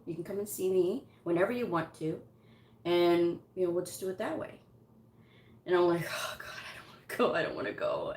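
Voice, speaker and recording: A woman's voice: lowish voice, a little mellow. Chatty woman telling a story, echoey room. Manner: chatty, laughs often, quotes people as she tells it. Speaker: medical coding vlogger. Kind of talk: casual storytelling.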